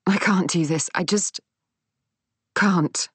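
A woman reading the part of a bitter, angry middle-aged daughter who speaks crisply, in a storybook reading. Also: lowish voice, slow, no room sound, pitched above the performer's own voice. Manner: crisp, hard-edged.

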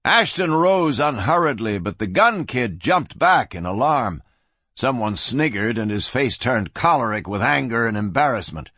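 A man narrating a western audiobook with expressive storytelling, slowing for tense moments. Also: mid-range voice, breathy edge, no room sound.

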